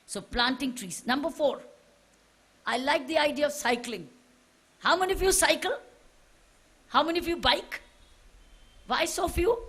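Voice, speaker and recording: A woman's voice: sits high, fairly bright tone. A woman with an Indian English accent giving a public speech to students, urging them on with repeated rhetorical questions. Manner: exhorting, fires repeated rhetorical questions at listeners. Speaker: official addressing students.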